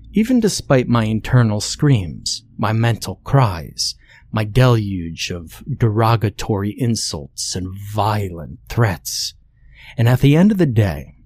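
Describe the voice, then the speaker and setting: Somber low-voiced man narrating horror. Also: a little mellow.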